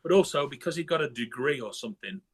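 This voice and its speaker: A man's voice: mid-range voice, lively intonation, quick pace, husky. A man from northern England talking bluntly in a casual interview, swearing a lot and restarting his sentences. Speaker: guest musician.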